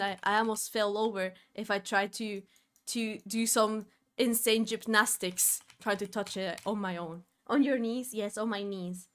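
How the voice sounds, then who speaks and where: A woman streamer telling a story in casual chat, dropping to low murmurs and then bursting into loud exclamations.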